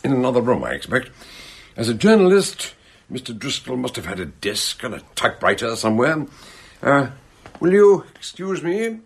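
A theatrical, musing detective. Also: male voice, mid-range voice, sing-song, moderate pace, slightly rough. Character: eccentric genial male doctor-detective. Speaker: amateur detective. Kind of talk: radio drama acting.

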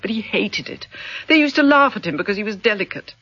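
An actress playing a gushing, self-pitying rich widow. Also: female voice, medium pitch, animated, quick pace, lightly acted. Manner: effusive, melodramatic, sighing. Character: gushing wealthy middle-aged widow, self-pitying and sentimental. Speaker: character in a radio drama. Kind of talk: radio drama acting. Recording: dull lo-fi radio broadcast.

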